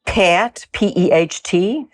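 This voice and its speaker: A woman's voice: lowish voice, slow. A South African woman with a South African accent, an actress and dialect coach. In interview conversation she acts out sounds and pronunciations as she talks.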